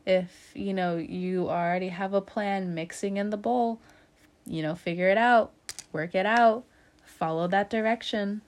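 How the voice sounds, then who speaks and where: A woman's voice: medium pitch, unhurried. Woman, tarot reader talking to camera, chatty and giggly with a slangy, encouraging delivery, mid-range voice. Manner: chatty, laughs often, calls the listener fam and homie. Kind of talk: casual tarot reading to camera.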